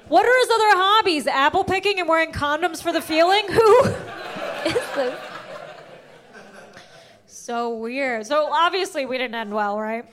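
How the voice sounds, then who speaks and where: A woman's voice: high-pitched, lively intonation, measured pace, long pauses, a bit bright, slight background noise. A young adult woman performing a stand-up comedy routine, telling a story and acting out the quotes.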